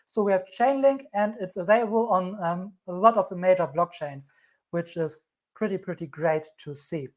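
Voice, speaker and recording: German lady hosting a crypto livestream, thick accent, keeps repeating stuff to calm folks down. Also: fairly low pitch, normal speed. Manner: reassuring, emphatic, repeats herself; reads news items aloud. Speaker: crypto channel host. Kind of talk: live stream commentary.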